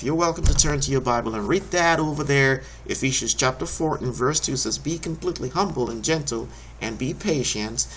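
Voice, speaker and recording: A man's voice: medium pitch, a bit bright, slight background noise. A man teaching a recorded homeschool lesson, explaining each step patiently and encouragingly.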